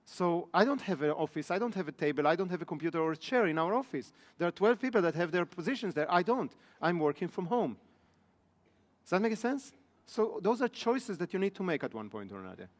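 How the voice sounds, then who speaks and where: A man's voice: sits high, sing-song, a little fast. A man giving a live business seminar, often checking in with the room. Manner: asks the room frequent check questions. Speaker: business trainer. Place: training room in front of an audience. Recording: echoey hall.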